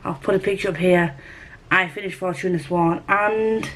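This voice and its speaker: A young woman vlogging in a casual, rambling, animated way, poking fun at herself. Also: fairly low pitch, moderate pace. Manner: chatty, rambling, animated, self-mocking. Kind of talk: casual rambling vlog chat.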